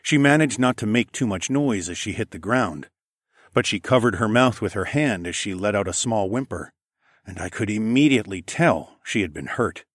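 Low guy reading a gritty first person story, swears a lot, dry close sound. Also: animated, normal speed, no room sound. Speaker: audiobook narrator. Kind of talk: first-person scripted narration.

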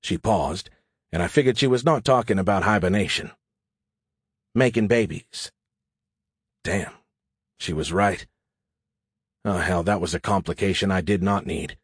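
A man's voice: deep voice, normal speed, husky, no room sound, clean studio sound. A man narrating a first-person audiobook in a wry, self-deprecating way.

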